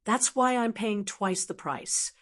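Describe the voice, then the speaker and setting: A woman narrator voicing a calm, proud, wealthy male necromancer knight in an audiobook who explains things patiently. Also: medium pitch, slow.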